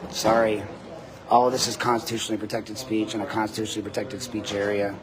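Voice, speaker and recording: A man hosting a livestream from a body-worn camera, ranting in a loud, deep voice, combative and profane. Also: little pitch movement, fast, noisy background. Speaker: host, citizen journalist. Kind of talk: livestreamed rant. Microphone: body-worn camera mic.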